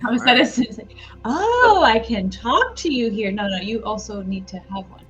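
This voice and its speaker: A woman's voice: on the high side, expressive, moderate pace, fairly bright tone, dull audio, faint music behind. A woman playing a tabletop game, chatty and laughing. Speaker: player.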